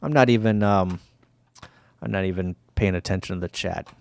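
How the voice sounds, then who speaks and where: A man's voice: low-pitched, normal speed, gravelly, darkish tone, clean tone, no echo. A middle-aged man hosting a casual livestream, tired and rambling, with lots of ums, restarts and wry asides. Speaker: ham radio livestream host.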